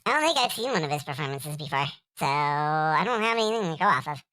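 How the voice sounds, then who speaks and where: A woman's voice: sits low, expressive, fast, fairly bright tone. A young adult woman chatting casually on a stream. She rambles, laughs often, and hums along to music.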